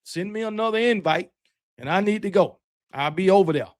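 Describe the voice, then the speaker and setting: A man's voice: high-pitched, a little fast, no room sound, studio quality. A man with a Southern US accent hosting a fan livestream, rambling and trash-talking loosely, peppering his talk with "man" and "y'all.". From Alabama, US. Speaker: host of a fan livestream show. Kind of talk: casual livestream chat, reading super chats.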